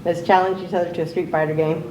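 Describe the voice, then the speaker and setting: A woman's voice: on the low side, flat delivery, fast talker, roomy sound, over a noisy crowd, poor audio. A woman telling a casual story as an aunt speaking at a memorial gathering. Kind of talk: informal memorial tribute.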